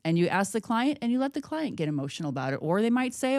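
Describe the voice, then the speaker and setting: Woman podcast cohost, lowish voice, chatty storyteller, dry studio sound. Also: sing-song, rapid-fire, few pauses, darkish tone, no echo. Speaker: podcast co-host, real estate. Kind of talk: casual podcast chat.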